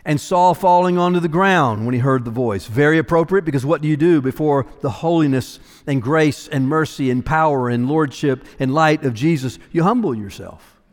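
High-voiced preacher in a reverberant hall. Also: male voice, normal speed. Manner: emphatic, repeats phrases for weight; swings between hushed and raised delivery. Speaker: pastor. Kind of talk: sermon. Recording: long reverb of a large hall.

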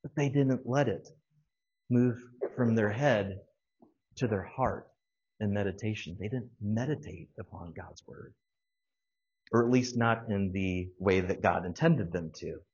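Male Bible study leader, unhurried and husky, earnest teaching with gentle questions, dull lo-fi recording. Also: fairly low pitch. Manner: slow, earnest, asks the group questions, lightly joking.

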